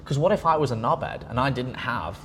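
A man's voice: medium pitch, fairly quick, big-room sound, slight background noise. A man, a personal trainer, chatting casually and animatedly acting out what people said to him. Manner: animated storyteller, acts out quotes, swears freely. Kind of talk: casual chat.

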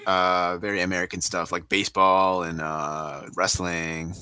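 A man's voice: low-pitched, a little slow, smooth, no room sound. A man in casual podcast chat who jokes around and laughs easily. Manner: lively, joking, laughs easily.

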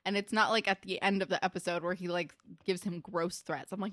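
A woman's voice: fairly low pitch, fairly even intonation, fairly quick, fairly bright tone, no room sound. Chatty woman in her twenties. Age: 20s. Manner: enthusiastic, chatty, frequent "like" fillers and swearing. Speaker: podcast co-host. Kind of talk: casual recap chat.

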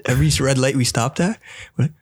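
A man's voice: medium pitch, quick pace. A man as a podcast guest in casual chat, playful and laughing as he tells stories.

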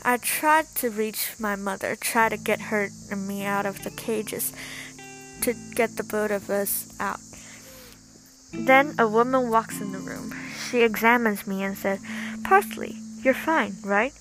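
Woman reading a story out loud, dramatic and emphatic, music and crickets behind her. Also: mid-range voice, steady tone, measured pace, low-quality recording. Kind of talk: first-person story reading.

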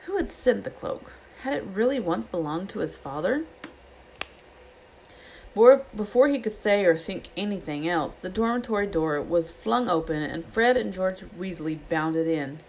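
This woman performs a children's novel aloud in a mid-range voice at a measured pace, giving the characters spirited voices of her own. Faint hiss or hum comes through on the poor audio.

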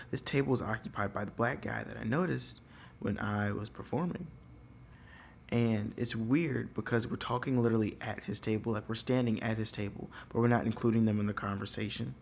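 A man's voice: lowish voice, vocal fry, a little hiss or hum. A young man telling a story in a casual, rambling way, full of fillers. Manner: rambling, filler-heavy, loose.

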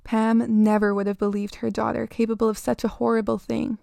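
A woman reads a horror story aloud at a steady, measured pace. Her voice is fairly high with a gravelly, fry-laced texture. The sound is dry and close, with no room echo.

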